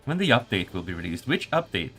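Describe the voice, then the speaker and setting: Very animated and talking fast, this community manager has a lowish, bright voice with a forceful tone, and soft music plays in the background. He chats casually with viewers during a live stream while spectating a match and commenting on it.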